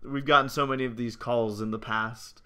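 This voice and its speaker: A man's voice: medium pitch, steady tone, normal speed, bright, forceful tone, clean tone. A young man co-hosting a podcast, telling a school anecdote with many fillers and restarts. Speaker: podcast co-host. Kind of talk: casual chat.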